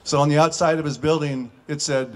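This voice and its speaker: A man telling short stand-up jokes in a folksy way, with filler pauses and restarts. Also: a little high, steady tone. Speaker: comedian.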